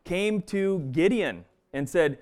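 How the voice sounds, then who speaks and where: A man's voice: high-pitched, expressive, slow, darkish tone. Casual man teaching scripture. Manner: conversational, frequent restarts and fillers. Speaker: bible teacher. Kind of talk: casual bible study teaching.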